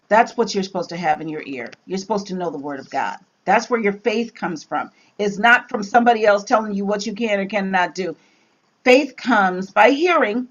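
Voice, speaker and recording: A woman leading a casual Bible study, reading scripture aloud and riffing on it in an animated way, with sudden exclamations. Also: mid-range voice, dull audio.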